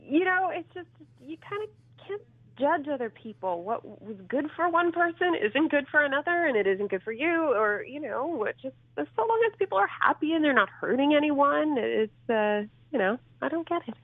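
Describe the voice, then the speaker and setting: A middle-aged stand-up comedian from Minnesota, USA, chats as a guest in a casual interview, giggly and self-teasing. Her voice sits high with lively intonation at a moderate pace, heard over a tinny, dry phone line.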